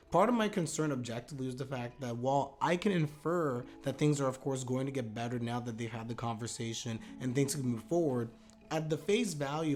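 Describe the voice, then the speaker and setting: A man's voice: medium pitch, a little mellow. A young man talking casually and animatedly in a video review, rambling with fillers and restarts. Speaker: manga reviewer.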